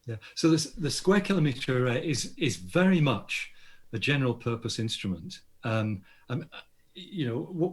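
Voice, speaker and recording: A man's voice: mid-range voice, breathy edge. An older Australian man, an astronomer guest, explaining science enthusiastically in an interview with frequent restarts. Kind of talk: interview conversation.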